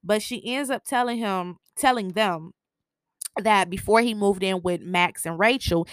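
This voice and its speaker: A woman's voice: lowish voice, no room sound, clean studio sound. A woman podcaster recapping a TV episode in a casual, opinionated and slangy way, often laughing. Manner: chatty, opinionated, slangy, laughs at her own jokes.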